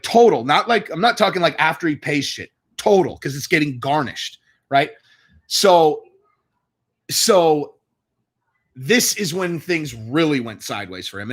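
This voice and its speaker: A man's voice: a little high, a bit bright. A man hosting a fight watch-along, telling a long story in a profane, rambling way. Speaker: host.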